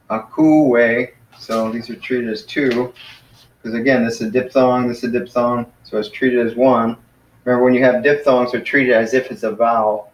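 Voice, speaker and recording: A man leads a relaxed, casual language lesson and explains each point patiently, one step at a time. His voice sits at a middle pitch. The room around him is noticeably echoey. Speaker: Greek teacher.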